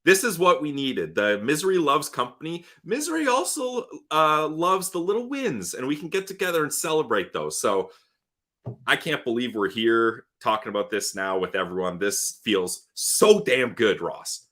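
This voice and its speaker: A man co-hosting a live hockey show, talking fast and emphatically about the team. His voice is bright and forceful, and he keeps the energy up in a casual chat tone. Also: mid-range voice. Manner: excited, emphatic hockey analysis. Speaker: podcast co-host. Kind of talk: casual sports talk livestream.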